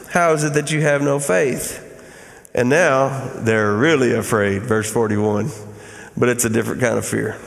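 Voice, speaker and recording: A man's voice: fairly high pitch, gravelly, in a large hall. A middle-aged male pastor preaching a sermon in a conversational way, often asking the crowd "Amen?".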